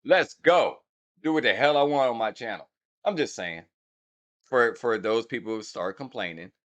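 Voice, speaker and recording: Guy running a rap breakdown channel, brash, counts the beats out loud, mid pitch. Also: lively intonation, moderate pace. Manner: explains rhythm by counting beats aloud and scatting; brash, talks straight to viewers. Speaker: hip hop breakdown channel host. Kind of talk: casual music breakdown commentary.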